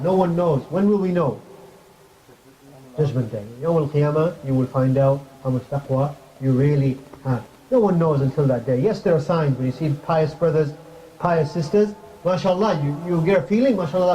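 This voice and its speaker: A man delivers a relaxed sermon in a mosque hall. His voice is fairly high but mellow and dark, and he talks easily with the audience. The recording is crackly and muffled, with a faint hiss behind him. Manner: conversational, asks the audience questions, light jokes; recites Arabic verses quickly. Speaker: speaker giving a mosque talk. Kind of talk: informal sermon.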